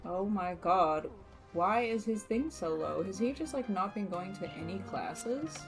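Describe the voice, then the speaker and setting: A woman's voice: mid-range voice, animated, measured pace. A young Australian woman with a mixed accent that sounds partly Boston American, chatting and rambling as she streams a game, laughing often. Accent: mixed, American Boston-like with Australian traces. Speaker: gaming streamer. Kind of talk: casual live-stream commentary. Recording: game music behind the voice. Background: game music and keyboard typing.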